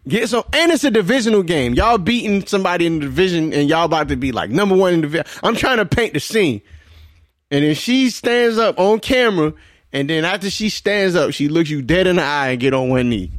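A man's voice: high voice, expressive, no echo, clean studio sound. A man co-hosting a podcast in casual chat, setting up long slangy hypotheticals. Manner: storytelling, slangy, drawn-out setups.

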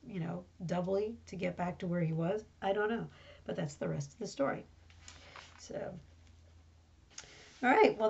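A woman's voice: medium pitch, vocal fry, darkish tone, slightly rough, muffled recording. A woman hosting a casual Bible teaching podcast from home, talking in a rambling, conversational way with many fillers. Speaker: podcast host.

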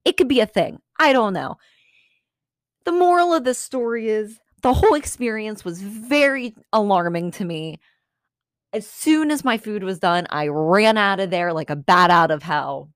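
A woman's voice: mid-range voice, normal speed, dry recording, studio quality. Sarcastic, swearing woman podcast host. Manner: animated, swearing, sarcastic asides. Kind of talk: casual storytelling.

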